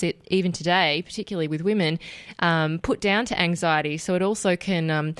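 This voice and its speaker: A woman radio host asking measured, thoughtful questions, with frequent ums. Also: sits low, smooth, no room sound. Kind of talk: radio interview.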